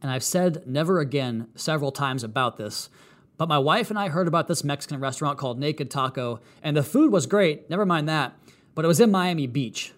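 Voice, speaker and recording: A man's voice: a little high, expressive, brisk. A man in his thirties hosting a casual fan podcast, talking animatedly with dry, sarcastic asides. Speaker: podcast host. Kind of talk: casual monologue.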